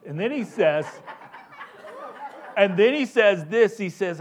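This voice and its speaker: Slow-talking conversational male preacher. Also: high-pitched, lively intonation. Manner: conversational, repeats words while building a point. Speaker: pastor. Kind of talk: sermon.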